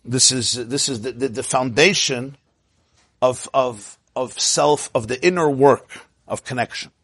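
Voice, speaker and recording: A man giving a Torah class as a rabbi, animated, asking rhetorical questions and mixing in Hebrew and Yiddish terms. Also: mid-range voice, unhurried, no echo, clean studio sound.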